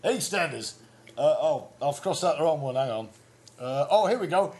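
High-pitched guy hosting a goofy quiz, flustered and teasing. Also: expressive, moderate pace, darkish tone. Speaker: quizmaster. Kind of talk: mock quiz show banter.

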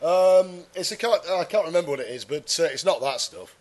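High-voiced man with a stuffy cold. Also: lively intonation, fairly quick, darkish tone. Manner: jokey, puts on silly voices, rambling. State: has a head cold and sore throat. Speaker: podcast co-host. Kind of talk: joking casual chat.

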